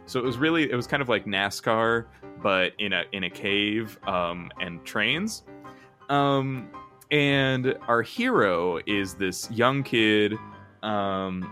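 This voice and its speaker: A man improvising a comedic movie pitch, rambling and halting with many restarts. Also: pushed and bright.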